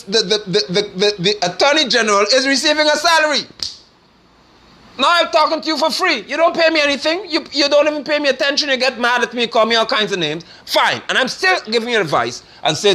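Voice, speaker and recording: Man, preacher-style political commentator, bright high voice, scornful and forceful delivery. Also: expressive, moderate pace, a little hiss or hum. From Guyana. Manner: forceful, scornful, rising to sermon-like declarations.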